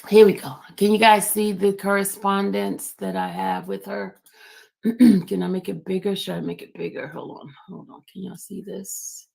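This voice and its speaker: A woman's voice: medium pitch, fairly even intonation, vocal fry, darkish tone, breathy edge. A woman on a live stream, fiddling with her screen and muttering to herself as she gets ready to read her messages. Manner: slow, setting up her screen while talking. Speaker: guest reading her messages.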